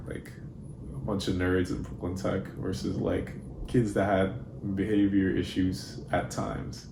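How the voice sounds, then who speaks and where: Deep, flat-voiced young New man. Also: vocal fry, a little hiss or hum. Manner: relaxed, laid-back, frequent fillers. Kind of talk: casual personal storytelling. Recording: roomy with faint ambience.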